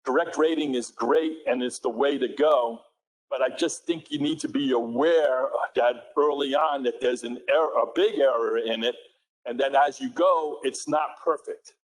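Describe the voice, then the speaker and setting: A man with a New England accent gives a technical conference presentation at normal speed in a mid-pitched voice. He's easygoing and conversational, often correcting himself mid-sentence and putting questions to the audience. The recording is rough.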